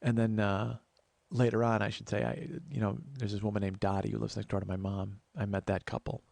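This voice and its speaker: Casual funny guy, fast and gravelly, swears a lot, dead dry mic. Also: on the low side, flat delivery, darkish tone, no echo. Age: 40s. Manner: chatty, swears casually, acts out quoted voices. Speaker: podcast host. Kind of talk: casual storytelling monologue.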